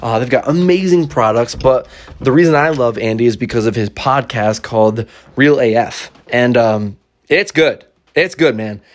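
A man's voice: mid-range voice, moderate pace. A man talking casually to camera as a parent, blunt and opinionated, swearing freely and restarting often. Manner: blunt, swears freely, fillers and restarts, reads dialogue aloud with excitement. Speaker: parent reviewing a children's book. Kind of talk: casual opinionated vlog talk.

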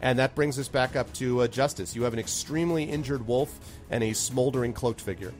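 A man's voice: medium pitch, brisk, faint music behind. A man narrating as game master, loose and chatty with many ums. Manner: loose, filler-heavy narration with frequent laughs.

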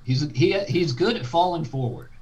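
A man's voice: fairly high pitch, expressive, normal speed, a crowd in the background. A man co-hosting a casual sports podcast, laid-back and hedging. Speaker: podcast co-host. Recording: dull lo-fi sound.

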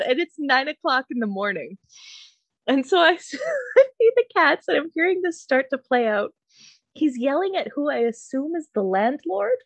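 A young woman from Canada telling a comedic story, animated and profane, often laughing. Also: high voice, normal speed, no room sound.

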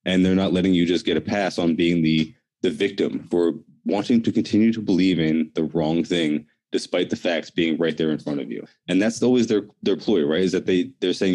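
A man ranting in a casual political discussion, fast and profane. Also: low voice, darkish tone.

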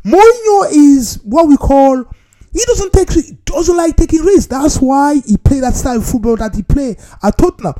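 A man giving a casual, animated football opinion monologue, repeating himself and talking straight to his viewers. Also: very high-pitched, normal speed. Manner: animated, repetitive, talks straight to viewers as "people". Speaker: football commentator.

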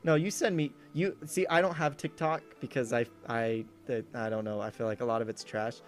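A man's voice: medium pitch, fairly even intonation, a little fast, soft background music. A man in casual podcast chat, recapping a movie in a rambling way, laughing often and restarting his sentences. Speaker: podcast co-host.

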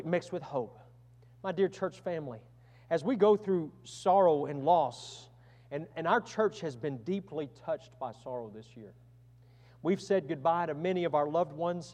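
Male pastor, high voice, earnest sermon delivery with loud and hushed swings, long hall reverb.

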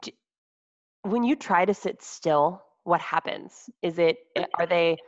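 Curious woman podcast host, lowish voice, gentle questions, slightly muffled sound. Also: slow pace. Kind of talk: casual conversational podcast.

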